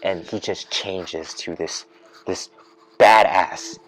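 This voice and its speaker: A man with a lowish voice holds forth on his podcast in a loose, rambling rant. He circles back over his points with plenty of fillers and false starts. His energy climbs and his voice gets louder whenever an idea takes hold. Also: slow pace, soft background music. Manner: rambling, heavy with fillers and restarts; grows excited and loud when imagining twists. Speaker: podcast host. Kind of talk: casual rant.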